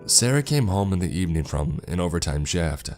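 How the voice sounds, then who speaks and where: Guy with a really low voice reading a creepy story, somber, soft music under it. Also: very animated, a little fast. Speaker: horror story narrator. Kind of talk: scripted first-person horror narration. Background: faint background music.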